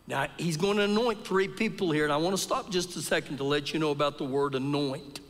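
Man, pastor, live sermon, high-pitched, quiet lows and shouted peaks, long church reverb. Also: a little fast. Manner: swings from quiet, low passages to loud, shouted peaks. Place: church sanctuary. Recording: live church service in a big reverberant room.

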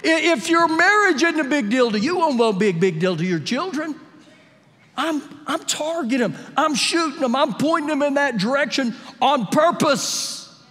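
A male pastor preaching a sermon during a live church service, telling animated, humorous stories and acting out the voices in them. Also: very high voice, moderate pace. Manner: animated storytelling, acts out quotes with humor. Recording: live church audio with long hall reverb.

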